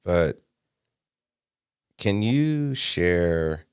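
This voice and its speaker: Very deep-voiced male podcast host. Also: big pitch swings, very slow, clean tone, no room sound, studio quality. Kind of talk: interview questions.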